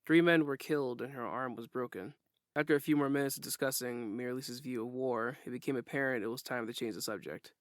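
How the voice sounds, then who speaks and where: Guy reading a first-person audiobook, steady and plain, mid pitch, dry audio. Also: brisk, dry recording. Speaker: narrator.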